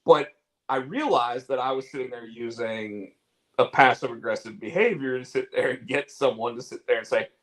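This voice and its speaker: This podcast co-host is a man whose mid-range voice moves at normal speed, captured on a low-quality recording. His casual chat is rambling and candid, full of restarts, repeated words, fillers, and swearing.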